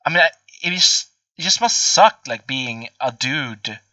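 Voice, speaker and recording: A man's voice: medium pitch, animated, measured pace, bright, forceful tone, dry recording, far from the mic. A man in his twenties chatting casually as a podcast host, rambling and swearing with many fillers. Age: 20s. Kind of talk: casual chat.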